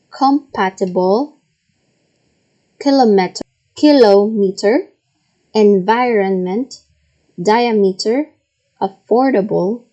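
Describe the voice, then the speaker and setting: Woman, teacher, slow deliberate delivery, soft mellow tone. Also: mid-range voice, low-quality recording. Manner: slow, patient, repeats and models each word. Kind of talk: recorded reading lesson.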